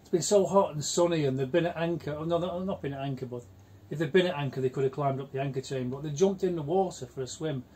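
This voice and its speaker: A man, telling blunt, chatty stories in a relaxed conversation. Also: on the high side, quick pace, few pauses, slightly rough. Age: 60s. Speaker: houseboat vlogger. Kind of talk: casual chat.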